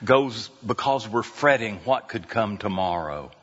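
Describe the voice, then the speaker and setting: A man's voice: lowish voice, lively intonation, a bit bright, slightly rough. A man preaching a sermon as a pastor, telling stories and putting questions to the congregation. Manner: storytelling, slow and conversational with audience questions. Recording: dull lo-fi sound in a reverberant hall.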